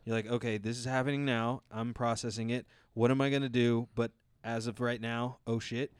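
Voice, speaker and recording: A man with a smooth, resonant voice thinks out loud in a loose, rambling way. The recording is dry and close. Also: medium pitch, level tone, fairly quick, no echo. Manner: rambling, musing, casual swearing. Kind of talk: casual chat.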